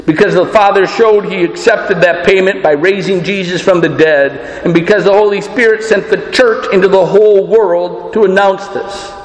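A man's voice: high-pitched, moderate pace, hardly any pauses, roomy sound, big-room sound, rough recording. A man preaching a sermon as pastor, earnest and emphatic, posing rhetorical questions.

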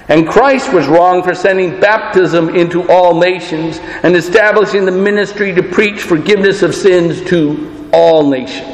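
A man's voice: high voice, reverberant, big-room sound, rough recording. A man preaching a sermon as pastor, earnest and emphatic, posing rhetorical questions.

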